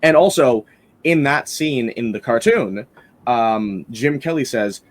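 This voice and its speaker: A man's voice: mid-range voice, lively intonation, slow. A man hosting a casual film-review podcast, rambling enthusiastically with lots of fillers and restarts.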